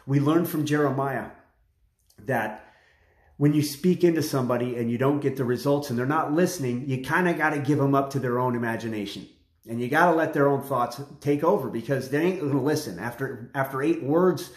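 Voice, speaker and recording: A man's voice: mid-range voice, echoey room. A man preaching an informal sermon in a casual, slangy way, often restarting his sentences.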